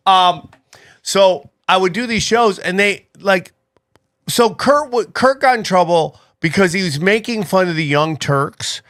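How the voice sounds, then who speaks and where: A man of Armenian heritage hosting a podcast in a casual, animated, rambling way. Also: measured pace. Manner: animated, rambling, jumps up in pitch when excited. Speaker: podcast host.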